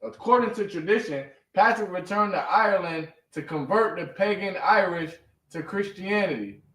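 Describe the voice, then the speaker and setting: A man in a class reading scripture text aloud, a little halting. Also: sits high, fairly bright tone, recorded from a distance. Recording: echoey room, off-mic.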